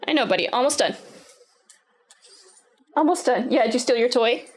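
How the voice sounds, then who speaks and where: A woman's voice: animated, normal speed, breathy edge. Chatty woman streaming, cooing at dogs. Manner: chatty, breaks off to coo at her dogs in a higher voice. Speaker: livestreamer building a keyboard. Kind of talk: casual live-stream chat.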